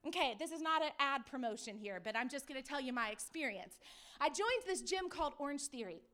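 A woman pastor delivers a sermon in a very high voice. She tells her stories with energy, acting out the people in them and asking her listeners questions directly. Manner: lively storytelling, acts out quoted people; speaks to the audience directly with questions.

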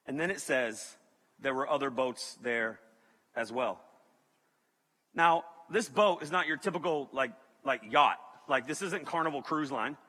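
A man preaching to students as a youth pastor, animated and joking, talking to the crowd. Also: mid-range voice, a little slow. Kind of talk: sermon to students. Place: large hall with audience. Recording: reverberant hall.

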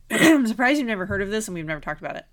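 A woman co-hosting a podcast, talking in a loose, casual chat. She is animated and exclamatory, quick to laugh, and keeps stopping to clear her throat. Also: medium pitch. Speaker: podcast co-host.

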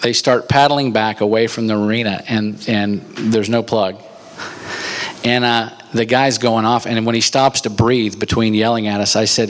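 A man preaching a sermon, telling a story with lively energy and laughing at his own jokes before reading scripture. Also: on the low side, moderate pace. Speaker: pastor.

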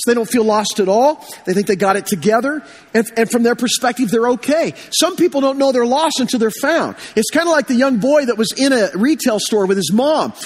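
A high-pitched male pastor delivers an earnest sermon, weaving stories and repeating key phrases. His voice is husky after a week of illness, and it rings out with a long hall reverb.

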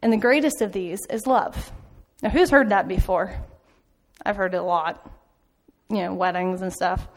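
A woman's voice: mid-range voice, normal speed. Chatty woman preaching in a reverberant church. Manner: chatty storytelling with frequent ums and laughs. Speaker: church speaker back from a mission trip. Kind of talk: informal sermon. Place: church sanctuary. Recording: long hall reverb.

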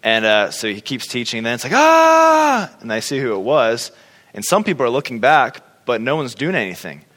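This testimony comes from a man whose mid-range voice is expressive, brisk, and fairly bright. He recounts his faith story chattily, with lots of fillers and acted-out reactions, under long hall reverb.

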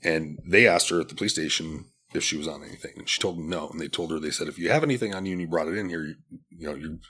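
A man's voice: a bass voice, racing, bright, forceful tone, breathy edge. A man in his forties, a podcast guest, telling a personal story in a candid, blunt and profane way, with many restarts. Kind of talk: casual storytelling.

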